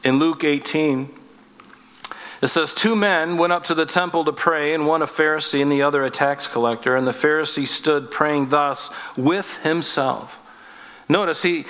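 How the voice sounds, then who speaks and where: Emphatic preacher in a reverberant hall. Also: male voice, a little high, bright, forceful tone. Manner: emphatic, rhetorical questions with wry asides. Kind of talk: sermon.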